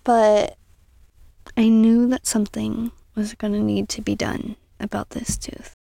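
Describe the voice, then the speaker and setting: Slow, gravelly-voiced woman podcast host. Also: mid-range voice, level tone, no echo. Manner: earnest and encouraging, drifting into soft whispery asides. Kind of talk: casual self-help podcast monologue.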